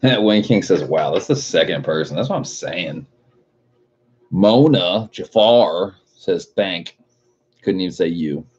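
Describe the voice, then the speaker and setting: Low mellow guy on a livestream, cussing and laughing, reading chat, dull lo-fi sound. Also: expressive, slow pace, husky. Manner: profane, joking, laughs often. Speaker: livestream host. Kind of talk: casual livestream chat, reading viewer comments.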